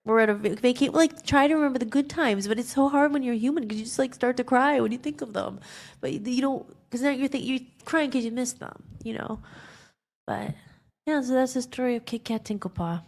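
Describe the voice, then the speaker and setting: A woman's voice: sits high, fairly quick, darkish tone. A woman hosting a podcast, telling an emotional personal story in a rambling way, with many fillers and restarts. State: tearful at times. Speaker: podcast host.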